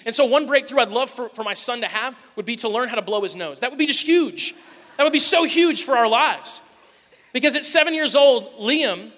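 Man, 30s, pastor, high voice, conversational humorous sermon, long church reverb. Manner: warm-humored, conversational, chuckling storyteller. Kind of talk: casual sermon with personal stories. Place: large church hall before a congregation. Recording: long echo of a church hall.

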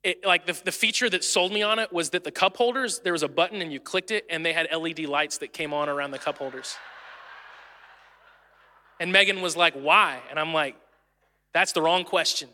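A fairly high, very bright male voice preaching a sermon in a church sanctuary, the sound ringing out in a long reverb. He talks to the congregation in a loose, self-deprecating way. His storytelling turns animated as he goes. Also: a little fast. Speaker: pastor. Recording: long reverb of a large hall.

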